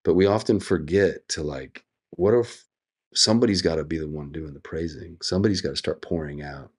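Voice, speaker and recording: A middle-aged man speaking as a guest in an interview, earnest and thoughtful, with lively quoted asides. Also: rumbling low, a little fast, breathy edge. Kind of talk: reflective interview conversation.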